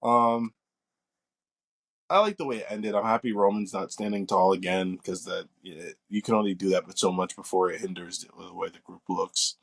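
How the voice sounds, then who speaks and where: A man's voice: low-pitched, normal speed, vocal fry. A man co-hosting a podcast, chatting casually and rambling as he picks apart wrestling matches. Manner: relaxed, rambling, nitpicky. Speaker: podcast co-host. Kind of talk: casual wrestling review chat.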